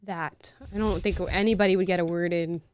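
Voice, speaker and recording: A woman's voice: on the low side, steady tone, a little fast, smooth. A woman from the American South hosting a casual talk show. She chats freely and laughs often. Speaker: show host. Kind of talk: casual chat.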